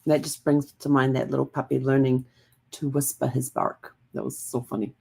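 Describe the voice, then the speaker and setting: Woman host, deep for her sex, soft-spoken and meandering, casual reflective vlog read. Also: moderate pace, vocal fry, breathy edge. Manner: gentle and calm, rambling with many fillers.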